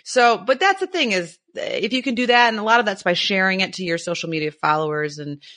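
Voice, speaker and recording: A woman co-hosting a nature podcast in casual chat, enthusiastic and quick to laugh. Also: medium pitch, animated, a bit bright. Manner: enthusiastic, laughs easily, explains with some fillers. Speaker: podcast co-host.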